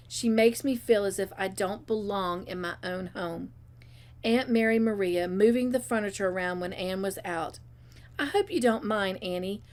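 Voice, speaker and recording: Woman narrator, storybook reading, expressive and lively with dialogue. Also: medium pitch. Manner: expressive reading with character voices. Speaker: storybook reader. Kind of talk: reading a novel aloud.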